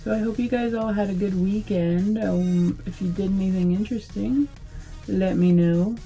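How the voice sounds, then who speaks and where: A young adult woman chatting casually through a makeup tutorial, relaxed and rambling with many fillers. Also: mid-range voice, normal speed, soft background music. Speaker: beauty vlogger.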